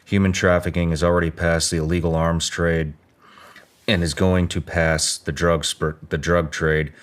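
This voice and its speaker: A man with an extremely deep voice hosts a podcast interview. He reads out facts plainly and asks direct, probing questions. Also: level tone, moderate pace. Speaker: podcast host.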